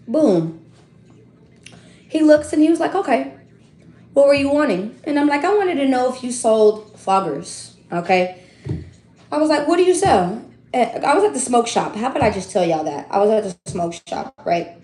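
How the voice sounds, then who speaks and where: A woman in her twenties telling a story casually to her viewers, animated and slangy, swinging between loud outbursts and hushed asides. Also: a little high, moderate pace, reverberant, slight background noise. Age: 20s. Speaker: tarot reader and streamer.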